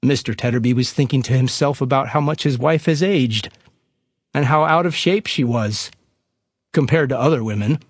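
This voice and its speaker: A man preaching, retelling a story slowly and expressively. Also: medium pitch. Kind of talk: storytelling sermon.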